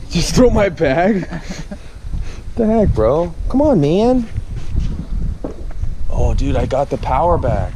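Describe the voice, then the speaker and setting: A young man vlogging a road trip in a car, joking and yelling playfully. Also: on the high side, background noise. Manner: joking, excitable, yells playfully. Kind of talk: casual vlog chat.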